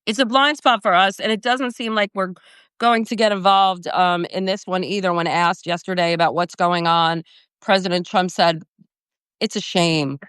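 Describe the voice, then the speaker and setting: A woman host gives casual political commentary over a video call, speaking briskly and analytically with plenty of fillers. Her voice sits a touch low and sounds smooth and clear. The sound is dry and close, with no room around it. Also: fairly even intonation, fairly bright tone, no room sound.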